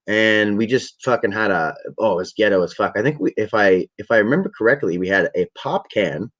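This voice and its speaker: Laid-back young male vlogger, low voice, profane rambling storyteller; muffled home recording. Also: fairly quick, fairly bright tone. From Ottawa area, Canada. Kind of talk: casual storytelling. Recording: dull lo-fi webcam audio.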